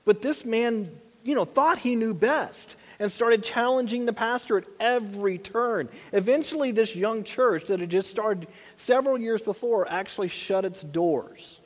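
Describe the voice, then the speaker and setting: With a high-pitched voice, a little slow and hardly pausing, a male pastor preaches a conversational sermon, often repeating and restarting phrases. Long hall reverb colors the recording.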